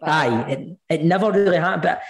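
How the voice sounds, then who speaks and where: A man's voice: on the high side, expressive, brisk, vocal fry, crowd noise. Brief: Scottish male co-host, sweary and rambling, roomy echo on the mic. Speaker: podcast co-host. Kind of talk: casual chat.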